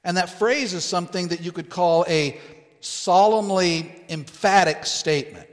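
A man preaching a sermon as pastor, teaching slowly and deliberately and stressing quoted phrases. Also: high voice, big-room sound.

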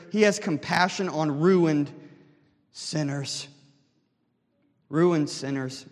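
A man's voice: high voice, long reverb tail. A man, a pastor, preaching a sermon earnestly and asking the congregation rhetorical questions.

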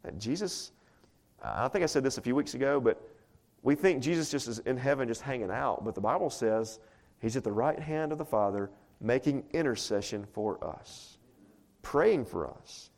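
A man's voice: medium pitch, expressive, moderate pace, darkish tone. Male pastor, sermon, casual delivery, rhetorical questions, mid-range voice, live congregation. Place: church before a congregation.

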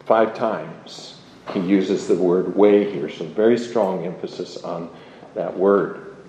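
A man teaches a class in a slow, unhurried lecture, working through the material with measured pauses. His voice sits low and mellow. The classroom rings with echo, and a faint hum of room noise lies underneath. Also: muffled recording. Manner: measured, deliberate, with pauses and fillers.

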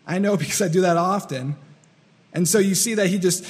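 Male pastor, high-pitched, earnest sermon delivery with long hall reverb. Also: a little fast, slightly rough. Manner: earnest, repetitive, acts out quoted voices.

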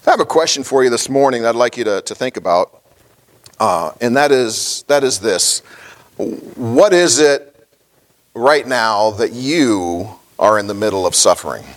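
A man's voice: medium pitch, expressive, a little slow. A middle-aged man, a pastor, preaching a sermon in a folksy storytelling way, with many fillers and small chuckles.

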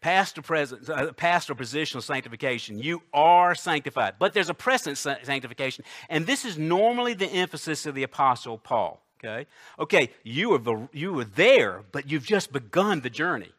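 A man preaching a sermon, emphatic, swinging between loud declarations and hushed asides, reading scripture slowly. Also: on the high side, sing-song. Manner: reads scripture aloud slowly and deliberately.

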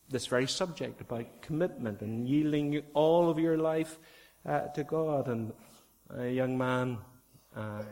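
A man with a Northern Irish accent preaching a sermon, earnest and repeating key phrases for emphasis. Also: mid-range voice. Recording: long hall reverb.

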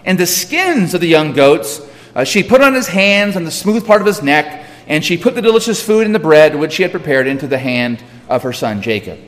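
A man reading scripture aloud in a measured way, with small restarts, heard with a long hall reverb. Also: fairly high pitch, expressive, a bit bright. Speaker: scripture reader.

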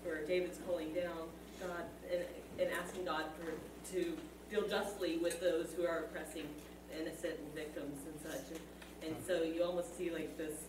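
A woman speaks up in a class discussion, hesitant and full of fillers. Her voice is very low, and she sounds far from the mic in an echoey room. Clear room noise sits behind her. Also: little pitch movement, moderate pace, hardly any pauses. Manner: hesitant, many fillers, laughs easily. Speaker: class participant. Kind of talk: comment in group discussion.

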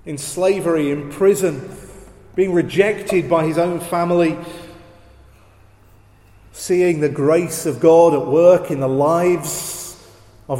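A man preaching a sermon, slow and emphatic, leaning on repeated phrases. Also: sits high, mellow. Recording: roomy hall echo.

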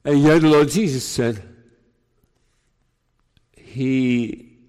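Slow-preaching man in a reverberant hall. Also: darkish tone. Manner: slow, emphatic, rises in pitch to stress points. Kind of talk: sermon.

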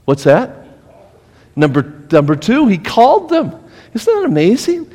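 A middle-aged man teaching a Bible study as pastor, animated and asking his listeners questions. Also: extremely high pitch, a little slow, in a large hall. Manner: animated, asks the group questions, acts out scolding voices.

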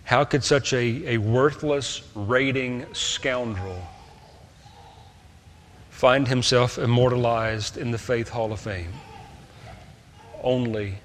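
A man preaching a sermon, swinging between loud, stressed points and quiet asides. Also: medium pitch, takes it slowly, pauses often, long reverb tail, slight background noise.

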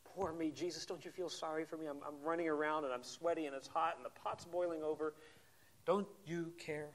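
A man's voice: high voice, expressive, fast talker, bright, forceful tone, voice pushed up. A man voicing a frazzled, self-pitying woman who complains that she is left to do all the serving. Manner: complaining, exasperated.

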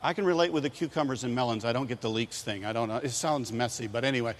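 A man preaching a sermon to young people, animated and telling stories that he acts out in loud voices. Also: mid-range voice, quick pace, in a large hall.

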